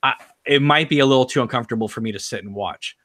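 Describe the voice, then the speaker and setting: Male co-host, mid pitch, halting delivery, dry wit. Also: fairly bright tone. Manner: halting, many restarts, wry. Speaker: podcast co-host. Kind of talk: casual chat.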